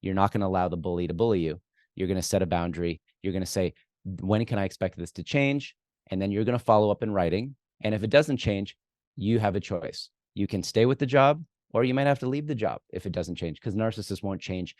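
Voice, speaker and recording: A man with a lowish voice speaks as a guest expert in a conversational interview. He is direct and emphatic, sometimes acting out the words he recommends saying. The sound is close and dry, with no room around it. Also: fast talker, a little mellow, dry recording. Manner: direct, emphatic, acts out what to say. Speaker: guest expert on workplace conflict.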